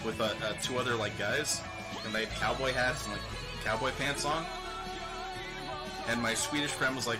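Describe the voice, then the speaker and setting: A man of middle pitch rambles to his viewers in a loose, animated way. He laughs, swears freely and keeps going. Music plays clearly behind him on the stream. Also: normal speed, long pauses. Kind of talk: casual chat with stream viewers. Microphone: desk microphone.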